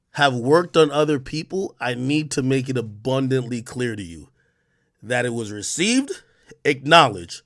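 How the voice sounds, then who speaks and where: Animated man ranting with mocking scorn. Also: medium pitch, dry recording, clean studio sound. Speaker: livestreamer. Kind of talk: heated stream rant.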